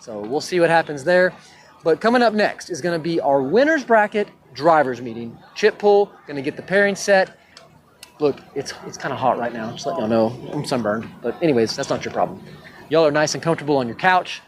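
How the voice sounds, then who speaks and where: A man's voice: fairly high pitch, expressive, fairly quick, slight background noise. A man, casually hosting a drag racing livestream, joking and chatty with loose fillers. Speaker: livestream host. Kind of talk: casual live event hosting. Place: outdoor drag strip. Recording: echoey outdoor track with crowd. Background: crowd at a race track.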